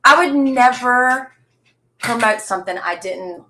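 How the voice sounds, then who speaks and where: A woman guest in a casual livestream chat, playful and quick to laugh. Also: fairly high pitch, bright, forceful tone, a little hiss or hum. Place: room in a house.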